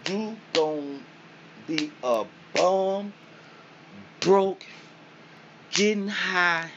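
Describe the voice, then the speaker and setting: Man doing a stern scolding male spirit, higher and louder than his own voice, lecturing slowly; dull lo-fi sound. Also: noisy background, heavily acted. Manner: lecturing, accusing, drawn-out words.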